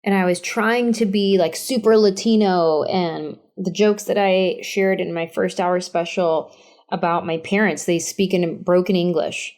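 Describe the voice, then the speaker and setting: A woman comedian in her thirties, a guest on an interview show, talking candidly and lively, acting out little quotes as she goes. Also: on the low side, measured pace. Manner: candid, animated storyteller who acts out quotes. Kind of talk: casual interview chat.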